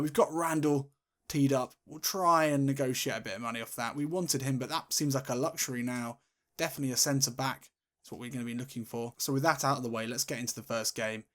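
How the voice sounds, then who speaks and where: A man commentating on his own football video game, casual and sweary, calling the play and getting loud on goals. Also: mid-range voice. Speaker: gaming commentator.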